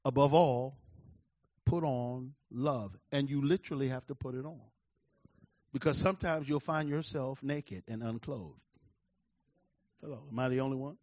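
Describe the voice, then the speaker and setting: A man in his forties preaching a sermon, calling out to the congregation and swinging between loud declarations and hushed, slow asides. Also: medium pitch, no room sound, dull audio. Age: 40s. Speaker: pastor.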